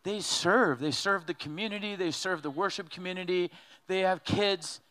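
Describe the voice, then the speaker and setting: A man preaching a sermon in an animated, joking way, acting out quotes as he goes. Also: high voice, normal speed. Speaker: pastor.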